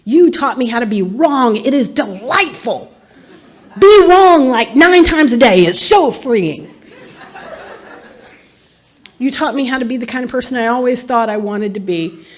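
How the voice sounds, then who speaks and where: A woman's voice: on the high side, lively intonation, unhurried, pauses often. A middle-aged woman speaking at a recovery meeting, telling her story in an earnest, emphatic way. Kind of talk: personal testimony talk.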